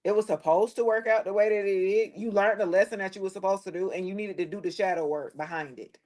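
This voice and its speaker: A woman giving a casual tarot reading to the camera, blunt and preachy, swearing freely and dropping her voice low at times. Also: fairly even intonation, quick pace, a little mellow. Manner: preachy, blunt and profane, with loose slangy phrasing; drops into a lower tone at times. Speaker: tarot reader.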